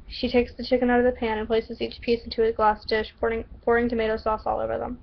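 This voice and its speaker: A woman's voice: fairly high pitch, completely flat delivery, fast, creaky, few pauses. Woman from the Southern US, casual vlogger reading her story, giggly and chatty, muffled recording. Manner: giggly, chatty, self-interrupting.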